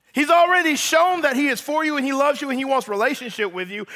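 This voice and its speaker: A man in his thirties preaching a sermon, animated, acting out little dialogues and teasing the congregation. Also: very high-pitched. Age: 30s. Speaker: pastor. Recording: long hall reverb.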